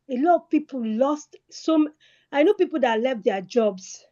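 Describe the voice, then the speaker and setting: A woman's voice: on the high side, a little mellow, dull audio. A woman speaking in a live online discussion, impassioned and emotional, sometimes stammering. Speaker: speaker in a live audio space.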